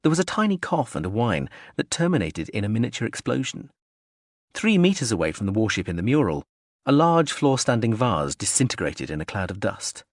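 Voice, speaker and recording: A man narrating a science-fiction audiobook in a measured, expressive storytelling manner. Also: fairly low pitch, no echo, studio quality. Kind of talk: scripted narration.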